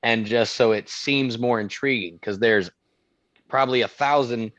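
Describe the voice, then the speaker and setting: The man speaks at a moderate pace with a medium-pitched, slightly bright voice, though the recording is muffled and without echo. As a podcast co-host in casual chat, he tells rambling, filler-heavy stories.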